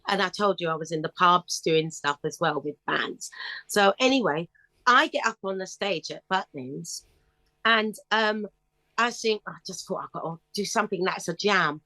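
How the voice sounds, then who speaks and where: A woman's voice: fairly low pitch, measured pace, no room sound. A woman in her fifties tells stories with animation. She slips into other people's voices and hums bits of songs. The recording is close and dry, with no room sound. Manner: animated storyteller who acts out voices and sings snatches of songs. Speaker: singer, interview guest. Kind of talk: casual storytelling interview.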